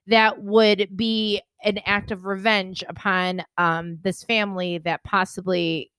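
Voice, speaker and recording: A woman co-hosting a casual chat, blunt and excitable, with crude jokes. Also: mid-range voice, clean tone, no echo. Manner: excitable, quick to gush. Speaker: podcast co-host.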